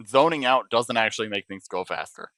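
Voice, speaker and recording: A man hosting a let's play, reading game narration quietly and adding muttered asides of his own. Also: mid-range voice, expressive, brisk, a little hiss or hum.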